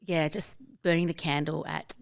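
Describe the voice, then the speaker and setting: Chatty Australian woman, lowish voice. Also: little pitch movement, moderate pace, gravelly. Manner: upbeat, chatty, quotes herself and others. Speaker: guest, fashion label founder. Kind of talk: casual interview chat.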